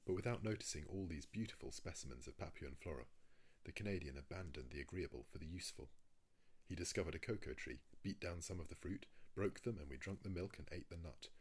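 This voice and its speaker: Male audiobook narrator, measured and even, deep husky tone. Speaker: audiobook reader. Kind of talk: scripted narration of a classic novel.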